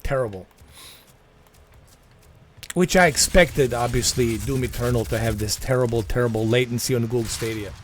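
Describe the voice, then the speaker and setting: Ranting gaming streamer, faint background hiss. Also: male voice, medium pitch, normal speed, pauses often. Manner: ranting, repetitive, exasperated, mimics viewers. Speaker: gaming livestreamer. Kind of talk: live gameplay commentary.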